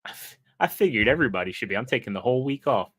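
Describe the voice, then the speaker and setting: A man's voice: medium pitch, animated, very fast, a bit bright. A man hosting a casual podcast, rambling through a joke and reading out viewer chat. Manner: rambling, joke-telling, reads chat aloud. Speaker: podcast host.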